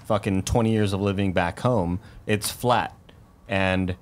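A man in his thirties chatting casually as a podcast co-host, relaxed and asking questions. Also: low-pitched, unhurried, slight background noise. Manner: laid-back, swears casually, asks questions. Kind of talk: casual chat.

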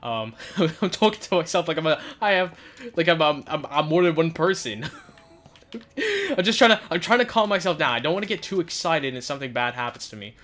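A man narrating his own gameplay in a lively, swooping voice that leaps up high when he panics. He chatters to himself, mutters low while he plans, and breaks into laughing yells under pressure. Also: brisk. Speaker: gaming YouTuber. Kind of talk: gameplay commentary.

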